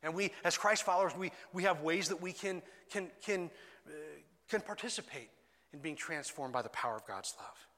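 A man's voice: on the high side, moderate pace, sharp tone. A man preaching a sermon as pastor, earnest and conversational, often restarting his phrases. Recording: long hall reverb.

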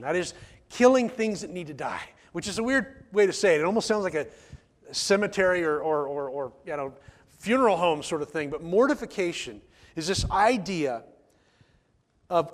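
A pastor with a high voice preaches a sermon in church. He is emphatic, repeating key phrases and posing rhetorical questions.

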